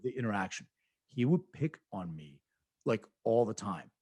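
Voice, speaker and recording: Low-voiced man telling rambling stories. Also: sing-song, normal speed, a little mellow, no room sound. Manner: rambling anecdotes, acts out quoted voices, laughs often. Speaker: podcast co-host. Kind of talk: casual chat, storytelling.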